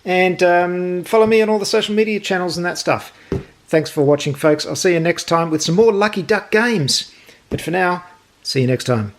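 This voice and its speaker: A man's voice: high-pitched, normal speed. A man hosting a board game channel, talking casually through an unboxing with chatty, jokey, delighted asides.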